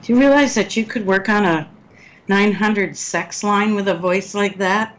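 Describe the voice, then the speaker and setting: A middle-aged woman hosting a relationship call-in radio show from the studio. Her voice sits at a middle pitch, and she talks to callers in an affectionate, motherly, gently teasing way. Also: normal speed. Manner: warm, motherly, teasing with guests.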